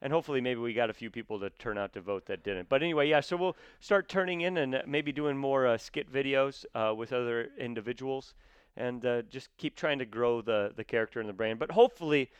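A man's voice: medium pitch, expressive, brisk, smooth, no echo. Hesitant man in casual sports chat. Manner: hesitant, many fillers and restarts. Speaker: comedy sketch performer, guest.

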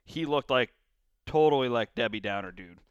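A man's voice: mid-range voice, animated, moderate pace, clean tone, no echo, muffled recording. A man hosting a podcast, talking in a laid-back, joking way. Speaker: podcast host. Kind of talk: casual podcast conversation.

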